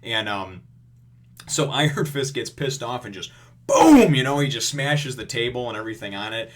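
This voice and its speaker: A man's voice: medium pitch, normal speed, fairly bright tone. A man giving a casual, rambling review of a comic chapter, full of fillers and chuckles.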